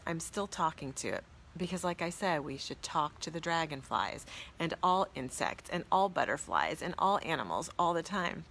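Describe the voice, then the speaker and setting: A woman's voice: on the low side, fairly bright tone. A woman hosting a spiritual live stream, telling a personal story to viewers in an earnest, reverent, awed way and reading out their comments.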